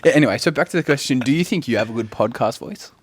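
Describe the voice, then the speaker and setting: A young man co-hosting a casual couch podcast, telling animated stories, swearing freely and slipping into silly voices. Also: medium pitch, rapid-fire, slightly rough. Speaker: podcast co-host. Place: living room couch, dog nearby.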